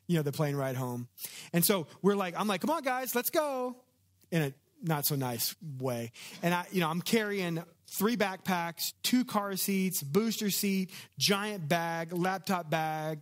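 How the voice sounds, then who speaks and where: A man pastor giving a sermon in a conversational, storytelling way and calling on the congregation to answer back. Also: a little high.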